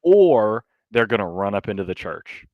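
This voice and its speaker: A man with a fairly low voice tells a story to a friend on a podcast, with animated, casual talk full of fillers and the odd curse. The sound is dry and close, with no room echo. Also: normal speed, highs cut off. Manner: animated, swearing, lots of fillers. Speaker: podcast co-host.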